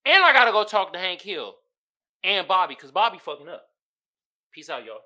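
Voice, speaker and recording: A man hosting a casual solo podcast, reading memes aloud in profane slang and breaking into loud bursts of laughter. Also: high-pitched, very animated, moderate pace. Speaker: podcast host.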